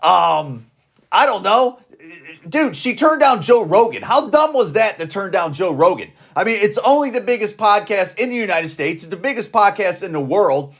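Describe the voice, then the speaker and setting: A man in his forties with a notably high voice rants on his podcast in loose, slangy talk. He is blunt and keeps circling back to the same phrases to hammer them home. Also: big pitch swings, moderate pace. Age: 40s. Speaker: podcast host. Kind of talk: casual opinion rant.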